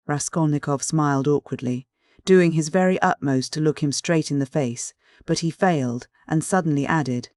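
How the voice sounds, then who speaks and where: Narrator: man, measured literary reading, slightly high pitch, dry studio sound. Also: darkish tone, dry recording. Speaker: audiobook narrator.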